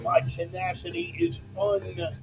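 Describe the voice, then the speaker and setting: A man's voice: high-pitched, level tone, moderate pace. Loose-talking man on a lo-fi livestream. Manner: loose, joking, calls listeners "man" and "brother". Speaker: host of a weekly online commentary show. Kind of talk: casual livestream talk reading viewer comments. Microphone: laptop mic. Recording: dull lo-fi laptop sound with music underneath. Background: bumper music.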